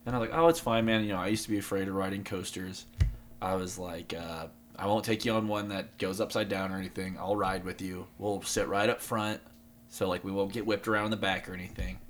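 Laid-back young man, lowish voice. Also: fairly even intonation, fairly quick, slight background noise. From East Tennessee. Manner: laid-back storyteller, laughs often. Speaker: podcast co-host. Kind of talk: casual chat.

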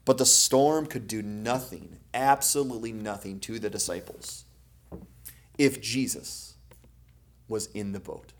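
Male pastor, husky tone, preaching with swings from soft asides to loud emphasis. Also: on the low side, measured pace. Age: adult parent. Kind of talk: sermon.

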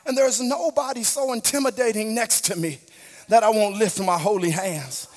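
A man preaching a passionate sermon in a church, drawing out his lines in a sing-song rhythm and building up to shouts. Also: high voice, moderate pace. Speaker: pastor. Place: church sanctuary.

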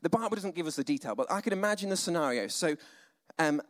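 A male preacher giving a conversational, animated sermon, full of asides and dramatic sighs. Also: on the high side, fast. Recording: long hall reverb.

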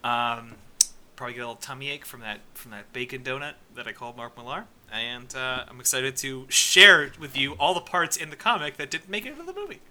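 A man co-hosting a podcast in casual chat, excitable and jokey, laughing often. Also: mid-range voice, brisk. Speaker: podcast co-host.

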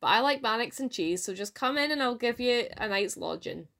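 A man's voice: very high voice, animated, fairly quick, vocal fry, sharp tone, pitched above the performer's own voice, heavily acted. A woman doing a genial, busy miller.

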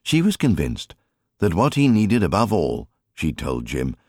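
Deep-voiced man narrating a storybook. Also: huge pitch swings, unhurried, darkish tone, breathy edge, no echo, studio quality. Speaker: audiobook narrator. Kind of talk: scripted narration.

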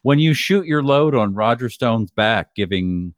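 A man's voice: medium pitch, animated, measured pace, no room sound, clean studio sound. A man co-hosting a comedy podcast, throwing out crude, provocative jokes. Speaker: podcast co-host.

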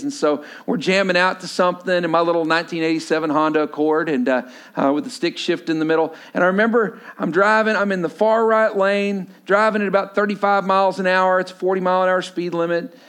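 Male pastor in his 40s, higher-pitched voice, animated storytelling sermon. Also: fast, few pauses, clean tone. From Texas. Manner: storytelling, acts out voices, drops low and quiet for emphasis.

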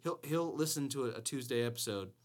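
A man from Georgia in the US co-hosts a podcast, trading crude, playful banter. His mid-range voice moves at a quick pace, and his delivery is animated, profane and jokey.

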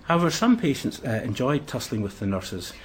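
A man giving a history lecture, pausing often with "uh" fillers between phrases. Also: medium pitch, sing-song. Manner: hesitant, many "uh" fillers.

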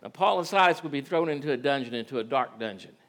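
A man's voice: medium pitch, animated, quick pace, fairly bright tone. A man preaching a sermon in a church, folksy and conversational, often asking the congregation rhetorical questions. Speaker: pastor.

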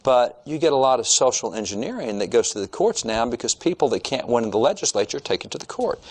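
Middle-aged male speaker, emphatic lecture tone, reads from old books. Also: fairly low pitch. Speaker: Christian history speaker. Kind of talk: informal lecture. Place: room with shelves of old textbooks.

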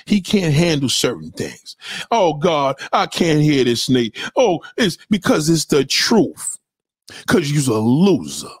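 A man's voice: on the high side, husky, no echo, clean studio sound. A man giving a profane, aggressive reaction rant as an online commentator, insulting and repeating himself.

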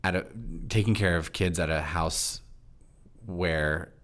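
A chatty, quick-talking pastor holds a relaxed interview in a low, deep voice. He jumps from point to point and laughs easily. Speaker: pastor and podcast host. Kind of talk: casual interview conversation.

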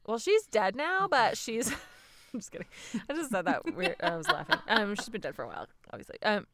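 A woman co-hosting a podcast in casual chat, bubbly and quick to react and joke. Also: a little high, wildly swooping pitch, heavy background noise.

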